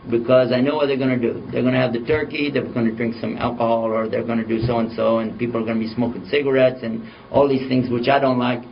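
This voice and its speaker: A man's voice: mid-range voice, flat delivery, fast talker, few pauses, a little hiss or hum, voice pushed down, lightly acted. A man voicing a blunt, devout woman who speaks directly and matter-of-factly. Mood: firm. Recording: dull, distant recording.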